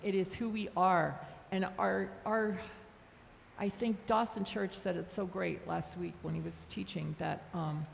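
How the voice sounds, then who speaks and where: A woman's voice: fairly low pitch, fairly even intonation, measured pace, creaky. A woman serving as minister, talking conversationally to her congregation and laughing easily during a Sunday service. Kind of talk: casual talk at a Sunday service. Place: church sanctuary with a congregation. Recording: reverberant hall, faint crowd and noise.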